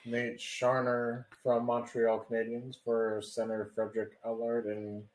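Man, podcast co-host, laid-back, dry, short replies, medium pitch. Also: monotone, a little slow, a little mellow, low-quality recording. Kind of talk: casual chat.

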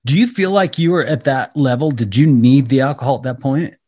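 A man hosting an interview, asking gentle, probing follow-up questions in a relaxed, conversational way. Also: mid-range voice, brisk, slightly rough, no echo, clean studio sound. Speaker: interview host.

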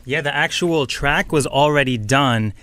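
A man who produces the radio show, telling a story in quick, laid-back chat. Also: medium pitch, pushed and bright, no room sound. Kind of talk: casual radio show banter.

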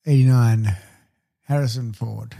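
A man's voice: mid-range voice, fairly even intonation, unhurried, creaky, warm tone. A man co-hosting a casual movie podcast, mostly agreeing and adding short, dry jokes. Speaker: podcast co-host. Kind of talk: casual film podcast chat.

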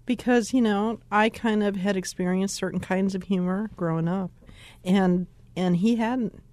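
A woman's voice: mid-range voice, steady tone, a little slow, darkish tone, dry recording. An older woman, a podcast guest, telling reflective stories with many fillers like "uh" and "you know.". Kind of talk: conversational podcast talk.

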